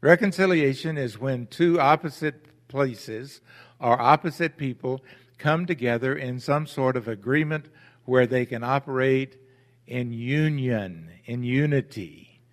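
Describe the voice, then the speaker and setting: Rhetorical questions and deliberate emphasis mark this sermon from a man preaching as pastor to his congregation. He speaks at medium pitch, recorded in a church sanctuary where the hall gives a long reverb.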